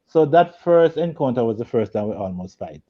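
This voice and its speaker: Man, animated storyteller, muffled video-call sound. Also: medium pitch, moderate pace, slightly rough. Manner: animated storyteller, laughs a lot, acts out quotes loudly. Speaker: guest. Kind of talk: storytelling in a group video chat.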